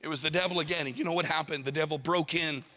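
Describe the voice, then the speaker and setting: Bright, high-voiced preacher in a hall. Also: male voice, fast talker. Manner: animated, calls for audience response. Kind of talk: sermon storytelling. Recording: long hall reverb.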